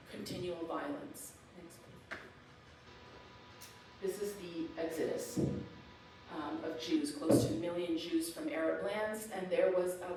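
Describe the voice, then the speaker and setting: A woman's voice: on the low side, a little hiss or hum. Woman lecturing in an echoey hall. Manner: emphatic, animated lecturing. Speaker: guest lecturer. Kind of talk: public lecture with slides. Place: event hall. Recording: echoey hall, distant mic, faint ambience.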